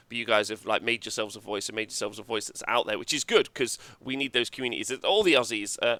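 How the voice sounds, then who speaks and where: Bright, clear-voiced enthusiastic male host. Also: on the low side, no room sound. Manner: enthusiastic, halting, full of fillers. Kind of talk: casual chat on a livestream podcast.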